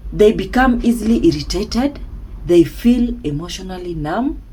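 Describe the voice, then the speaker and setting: Lady talking slow about feelings, lots of pauses, goes up and down a lot, kinda husky. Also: on the low side, poor audio. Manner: slow, emphatic, with dramatic pauses and hushed asides. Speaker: self-help speaker. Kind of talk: slow reflective monologue.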